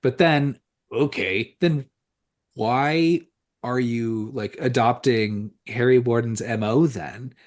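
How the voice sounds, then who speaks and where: A man co-hosting a podcast talks slowly in a medium-pitched voice, giving casual commentary on a horror movie. He rambles and curses, constantly saying "like" and restarting his thoughts.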